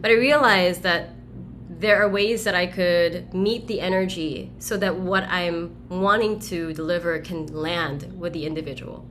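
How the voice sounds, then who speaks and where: A woman speaking as a roundtable guest on a video call, telling a story in a direct, energetic way. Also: lowish voice, unhurried, a little hiss or hum. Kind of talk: casual group discussion.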